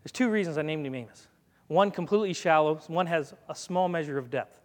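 Inside a church sanctuary with a long reverb tail, a guest preacher talks fairly quickly in a fairly high voice. His sermon is chatty and folksy, and he calls out commands to a dog as part of a live demonstration.

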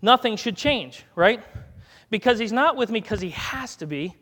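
A man's voice: high-pitched, expressive, moderate pace, pushed and bright, in a large hall. A man giving a chatty, folksy sermon and calling commands to a dog as he speaks. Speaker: guest preacher. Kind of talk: conversational sermon with live dog demonstration. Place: church sanctuary.

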